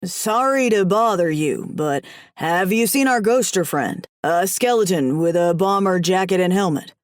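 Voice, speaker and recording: Aiden, a shaky undead husband talking low and hushed, a woman doing him in a storybook reading, nervous and earnest, in a dry close-miked room. His voice sits lower and softer than hers, with an altered tone. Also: unhurried, no echo, natural voice. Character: nervous young man, fallen-angel zombie husband.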